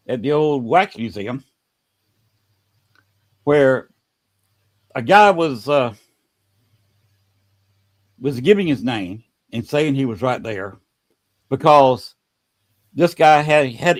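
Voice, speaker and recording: A man hosting a podcast, telling a story in a casual, halting way and often repeating words. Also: medium pitch, lively intonation.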